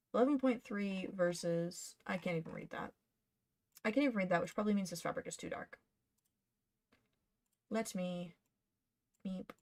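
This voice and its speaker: A woman streaming her cosplay patterning work, chatting casually and muttering to herself as she works. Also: lowish voice. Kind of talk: casual live-stream chat while working.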